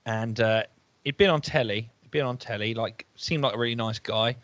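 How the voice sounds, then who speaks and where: A comedian from England co-hosting a podcast over a video call, rambling through stories and acting out quotes in high voices. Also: male voice, normal speed, fairly bright tone, dry recording. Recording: muffled, dry call audio.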